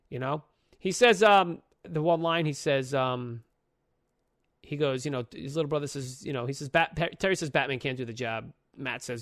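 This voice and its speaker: A man co-hosting a casual podcast, retelling a story in a lively, profane way with sudden jumps in pitch. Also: moderate pace, no room sound, studio quality. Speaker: podcast co-host.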